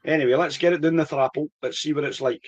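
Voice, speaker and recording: Heard through a muffled recording, a middle-aged man with a Scottish accent talks quickly in a voice on the high side. It's casual tasting chat at a whisky event, and he's enthusiastic, talkative, and quick to laugh.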